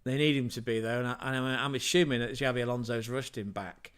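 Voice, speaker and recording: A man's voice: medium pitch, fairly even intonation, quick pace, fairly bright tone, clean tone. A man hosting a casual football livestream, chatty and rambling, with self-mocking asides. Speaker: football podcast host.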